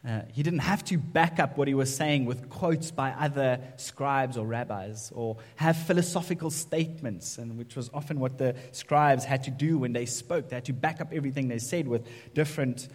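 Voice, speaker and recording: A man's voice: medium pitch, normal speed, hardly any pauses. A man preaching a conversational sermon as pastor, often checking in with "right?". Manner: conversational, keeps asking "right?". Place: church sanctuary. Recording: echoey church hall reverb.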